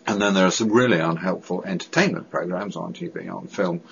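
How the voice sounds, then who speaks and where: A man's voice: low voice, brisk, creaky, a little hiss or hum. A man who stammers gives an earnest personal statement, with hesitations, repeated sounds and restarts. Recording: dull, lo-fi recording.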